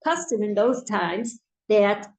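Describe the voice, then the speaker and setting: A woman teaching a live Torah class, telling stories in an animated way and acting out the characters. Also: mid-range voice, slow. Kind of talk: live storytelling lesson. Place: synagogue hall. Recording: roomy hall sound.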